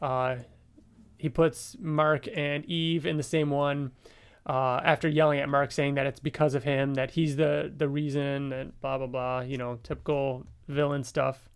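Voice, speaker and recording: A man's voice: medium pitch, little pitch movement, clear, resonant tone. A man hosting a podcast, casually recapping a comic book story with lots of fillers. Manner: rambling recaps with fillers and quick laughs. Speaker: podcast host.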